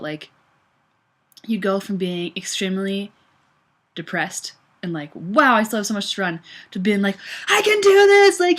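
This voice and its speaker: A young woman from the United States telling a story in a relaxed, chatty way, her voice sitting a little low. Now and then she gets animated, with bursts of excitement between easy pauses and fillers. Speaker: vlogger. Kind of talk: casual recap.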